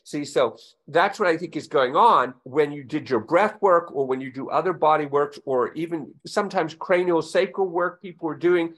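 A man's voice: on the high side, moderate pace, a bit bright. A man, a trauma expert as guest, patiently explaining step by step in an interview.

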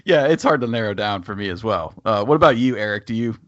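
A man's voice: on the low side, expressive, fast talker, no echo. Man host, casual chat, easygoing, dry dull audio. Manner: easygoing, hesitant with fillers. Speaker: podcast host.

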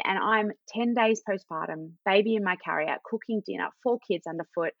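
A woman's voice: mid-range voice, moderate pace, dry recording. A woman in her thirties with an Australian accent, a parent educator telling a personal story in an interview. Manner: warm anecdotal storytelling, acts out quoted dialogue. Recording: dull, slightly lo-fi dry sound.

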